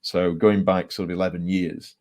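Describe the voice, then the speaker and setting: Deep-voiced man telling ghost stories. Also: normal speed. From England. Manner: animated storyteller with fillers and laughs. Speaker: author guest. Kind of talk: casual storytelling interview.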